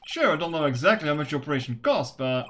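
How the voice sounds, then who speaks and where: A woman's voice: deep voice, very animated, fast, a little hiss or hum, pitched below the performer's own voice. A woman voicing an earnest young male defense lawyer who questions and persuades. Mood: probing.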